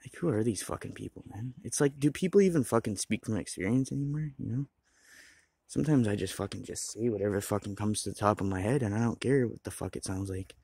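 A man's voice: on the low side, fast talker, vocal fry, a little mellow, slightly rough, no echo. A man talking to the camera in a rambling, swearing monologue, restless and blunt. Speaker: vlogger.

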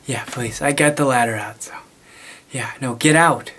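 A man in a comic character sketch plays a makeshift school reporter. His delivery is halting and awkward, with stops, fillers and apologies, at an ordinary middle pitch. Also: fairly bright tone, slight background noise. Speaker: mock school newspaper reporter.

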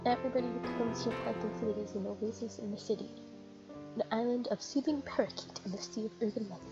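A woman's voice: fairly high pitch, fairly even intonation, fairly quick. A woman reading game text aloud with amused, joking asides in casual gameplay commentary. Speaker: let's player. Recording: muffled with game music behind.

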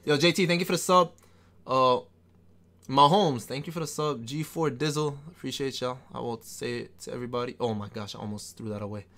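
Excitable young male game streamer. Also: medium pitch, fairly quick. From New York. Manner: excitable, trash-talking, bursts into yelling and laughter. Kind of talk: live gameplay commentary.

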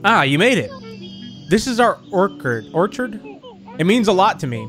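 A man's voice: sits high, sing-song, moderate pace, fairly bright tone, soft background music. A man reading aloud the lines of an eerie, doting mannequin mother from a horror game in his own plain voice. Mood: coaxing.

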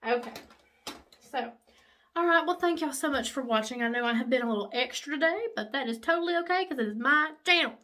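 A woman, chatting excitedly while doing her makeup in a casual vlog, gushing and chatty. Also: sits high, fast talker, slight background noise. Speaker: makeup vlogger. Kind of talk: casual get-ready-with-me chat.

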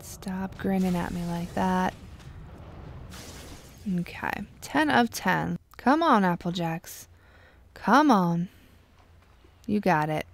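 Slow-talking gravelly woman game streamer. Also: fairly low pitch, lively intonation, slight background noise. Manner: chatty, wry, drops to a murmur. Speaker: gameplay video host. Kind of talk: casual let's-play commentary.

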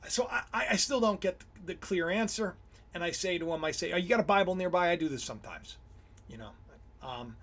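Male livestream host with a high, husky voice. Rambling and excitable, keeps breaking off mid-sentence. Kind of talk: casual livestream talk on Bible symbolism.

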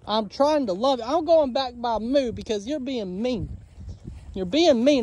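High-voiced man coaxing animals. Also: unhurried, darkish tone. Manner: coaxing, affectionate chatter to animals. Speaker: homesteader vlogger. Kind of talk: casual vlog talk. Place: outdoor pasture.

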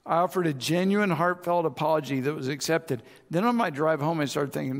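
A male pastor, his voice sitting a bit high for a man. He preaches in a conversational way and acts out both sides of everyday arguments. His words ring out with the long reverb of a large church hall. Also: fairly quick, hardly any pauses. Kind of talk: sermon.

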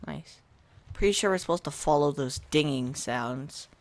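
A gaming video host giving casual let's-play commentary into a desk microphone at a home setup, chatting to viewers and reacting out loud to jump scares. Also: mid-range voice, moderate pace. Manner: talks to the viewers and to himself while playing.

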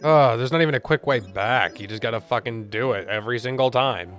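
A man's voice: medium pitch, a little fast, few pauses, a bit bright, faint music behind. A young man hosting a let's play, giving profane, exasperated gameplay commentary.

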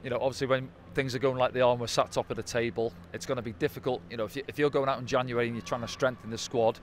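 A man's voice: medium pitch, fairly even intonation, very fast. A man chatting as a football pundit, giving post-match analysis in a conversational way and often ending points with tag questions. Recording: faint outdoor traffic noise.

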